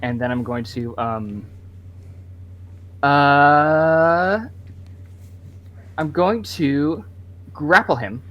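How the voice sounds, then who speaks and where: A man playing a tabletop game, describing his character's moves with many pauses and fillers. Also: on the high side, muffled recording. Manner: hesitant, full of fillers. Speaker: player.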